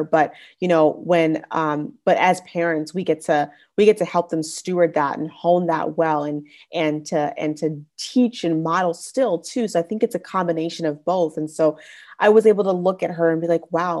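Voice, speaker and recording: A woman mother in casual conversation, earnestly telling stories about her children with frequent restarts. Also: low-pitched. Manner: earnest, warm-hearted storytelling with many restarts. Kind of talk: casual chat.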